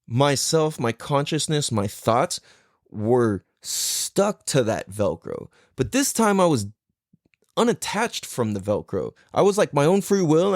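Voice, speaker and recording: A man tells a story in a loose, profane podcast monologue, laughing as he goes. His voice sits a bit high and swings widely in pitch. The sound is dry and close. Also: no room sound. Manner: profane, laughing, animated retelling. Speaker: podcast host.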